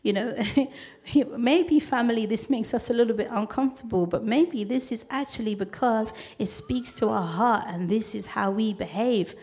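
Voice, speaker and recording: Brief: a woman preaching, chatty and animated, slips into voices when she quotes people. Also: on the high side, normal speed. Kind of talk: sermon.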